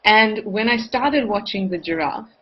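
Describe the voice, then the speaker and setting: A woman's voice: mid-range voice, lively intonation, measured pace, slightly rough, dull audio. A woman hosting a live wildlife cam show, chatting enthusiastically and reading out viewer comments.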